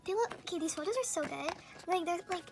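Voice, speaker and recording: Gushing young woman, very high voice. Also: animated, fast talker. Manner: gushing, squealing, lots of gasps and fillers. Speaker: vlogger. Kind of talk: excited unboxing chat. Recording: noisy home recording.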